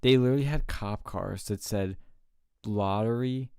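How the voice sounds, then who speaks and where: Gravelly low-voiced man, casual and swearing. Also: moderate pace, dry recording, studio quality. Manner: casual, swears often, tells stories excitedly. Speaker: co-host. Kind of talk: casual chat.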